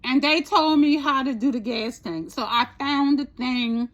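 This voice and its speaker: A chatty woman with a slightly high voice recounts a trip in a loose, rambling storytime style. She swears casually and keeps checking in with "right?", speaking. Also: a little slow, fairly bright tone, lo-fi sound, slight background noise. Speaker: storytime vlogger.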